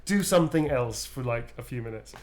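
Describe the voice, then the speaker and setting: A man hosting a live game stream in relaxed, casual chat, joking and swearing freely. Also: mid-range voice, fairly quick, very noisy.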